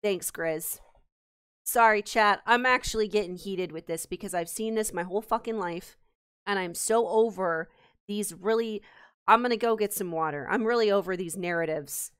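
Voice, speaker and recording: A woman's voice: medium pitch, moderate pace, fairly bright tone, smooth. A woman streamer venting angrily and profanely to her live chat, exasperated and swearing. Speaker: streamer host. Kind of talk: heated live-stream rant.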